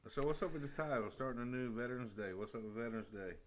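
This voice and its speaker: A man's voice: mid-range voice, fast talker. A man co-hosting a casual podcast, talking in a laid-back, slangy, profane way. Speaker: podcast co-host. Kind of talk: casual chat.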